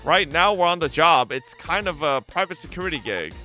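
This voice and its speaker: A man voicing a gruff young female gang member who talks in a flat, dismissive way while reading game dialogue. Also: a little high, brisk, soft background music.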